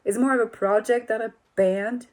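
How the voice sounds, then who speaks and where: A woman's voice: on the high side, steady tone, moderate pace. A woman singer as an interview guest, chatting casually and telling stories animatedly, with many restarts and laughs. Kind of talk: casual video-call interview.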